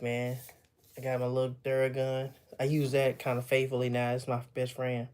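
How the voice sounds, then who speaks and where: A man's voice: mid-range voice, little pitch movement, measured pace. A winded man, chatting on a livestream. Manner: tired, rambling, chatty with viewers. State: out of breath after running. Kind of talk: casual livestream chat.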